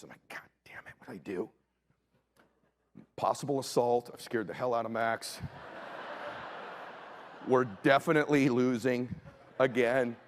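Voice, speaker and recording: A middle-aged man giving a motivational keynote, telling a story with big swings from hushed asides to shouts. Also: medium pitch. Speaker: motivational speaker.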